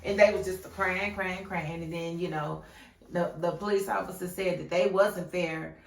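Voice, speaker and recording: A woman giving a casual, animated recap of a TV episode, laughing often and acting out the scenes in voices. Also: fairly low pitch, moderate pace, creaky, far from the mic. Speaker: YouTube TV reviewer. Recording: echoey room, a bit off-mic.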